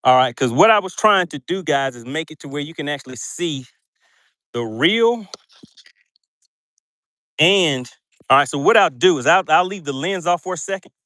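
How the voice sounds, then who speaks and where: A man's voice: on the high side, lively intonation, moderate pace, pauses often, pushed and bright, no room sound, clean studio sound. Chatty man on a fishing boat. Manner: chatty, reads viewer comments aloud, laughs often. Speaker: fishing livestream host. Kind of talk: casual livestream chat.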